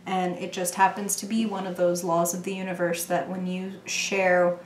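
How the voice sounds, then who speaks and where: A woman giving a casual, playful tarot reading to the viewer, chatty and quick to laugh. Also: fairly low pitch, level tone, echoey room, slight background noise. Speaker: tarot reader.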